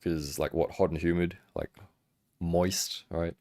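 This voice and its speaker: In his Hong Kong home, a young man with a low voice hosts a casual action figure livestream at an unhurried pace. He's chatty and expressive, swearing freely and laughing as he answers viewers, and the recording is dry and studio quality.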